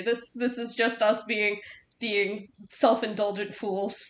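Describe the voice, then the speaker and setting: A woman's voice: medium pitch, little pitch movement, slow pace, slight background noise. A woman streaming while she draws, chatting playfully and poking fun at herself. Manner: playful and self-mocking. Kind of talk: casual stream chat while drawing.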